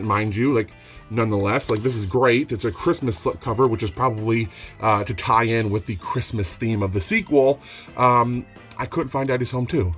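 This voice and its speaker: A young man talking casually in a home vlog, rambling and self-mocking, getting excitable as he shows off his finds. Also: mid-range voice. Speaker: DVD collector vlogger. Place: home room.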